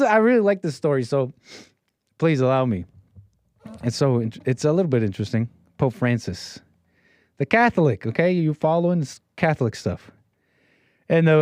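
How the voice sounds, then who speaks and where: A man's voice: medium pitch, darkish tone, dry recording. A man hosting a call-in livestream show, talking in a brash, rambling way with playful catchphrases. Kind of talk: casual livestream monologue.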